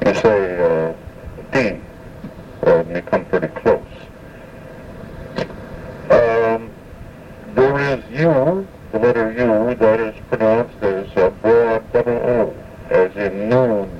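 A man teaching pronunciation, speaking haltingly with frequent pauses. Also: fairly low pitch. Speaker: language instructor. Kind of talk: explaining pronunciation. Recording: muffled, distant, faint background hum.

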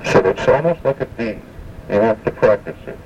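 Male instructor, low voice, unhurried and halting, far off a muffled mic with a faint hum behind. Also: expressive. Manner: halting, with frequent "uh" pauses. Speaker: language instructor. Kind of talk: explaining pronunciation.

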